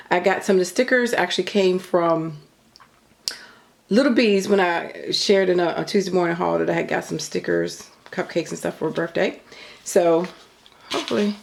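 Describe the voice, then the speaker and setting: A middle-aged craft YouTuber, slightly out of breath, chats from behind the camera at her home craft table, showing off her work in a casual vlog. Her fairly low, darkish voice has vocal fry, and she rambles with plenty of fillers.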